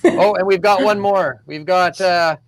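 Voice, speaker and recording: A man's voice: sits high, unhurried. A man hosting a live-streamed podcast interview, easygoing, reading out viewer comments. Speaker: podcast host.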